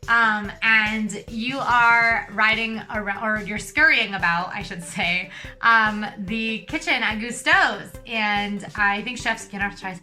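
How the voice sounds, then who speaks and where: A woman's voice: medium pitch, slow, bright, forceful tone, soft background music. A woman hosting a casual panel chat in a playful, jokey way. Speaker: host.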